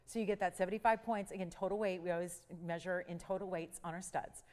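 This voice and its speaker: Upbeat shopping channel hostess. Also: female voice, lowish voice. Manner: upbeat, persuasive, urgent. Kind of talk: live sales pitch. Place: TV studio.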